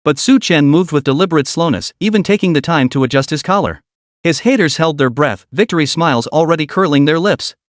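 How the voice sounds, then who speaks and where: Expressive male story narrator. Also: fairly high pitch, dry recording, clean studio sound. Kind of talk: scripted narration.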